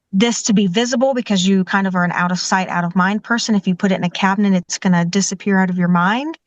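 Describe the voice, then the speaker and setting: Being interviewed about her work as a professional organizer, a woman tells warm, enthusiastic stories sprinkled with "you know." She speaks at a medium pitch, in a recording with no room sound and the highs cut off.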